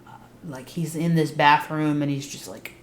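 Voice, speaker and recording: Young woman, low voice, blunt and emphatic, swears a lot, casual recap, echoey room. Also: steady tone, moderate pace, a little hiss or hum. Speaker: TV series recap YouTuber. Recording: roomy echo.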